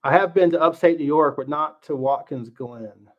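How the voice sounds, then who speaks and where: Stream host, middle-aged, relaxed ad-lib chat, slightly raised pitch, dull home-mic sound. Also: male voice, moderate pace. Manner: relaxed, thinking aloud with many fillers and restarts. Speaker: livestream host. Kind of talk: casual live Q&A with viewers.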